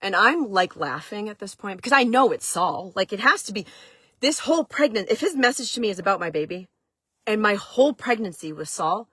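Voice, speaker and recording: A woman's voice: mid-range voice, big pitch swings, fairly quick, fairly bright tone, husky, dry recording. A woman hosting her own vlog, telling a personal story in a chatty way, full of "like" fillers. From Maine. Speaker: vlog host. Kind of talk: casual storytelling.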